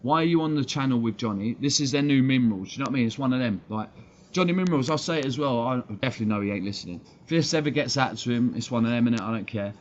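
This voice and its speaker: A man's voice: medium pitch, rapid-fire. A man ranting bluntly on a live fan stream, swearing and combative. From England. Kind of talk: heated live-stream rant. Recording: dull lo-fi stream audio, faint background noise.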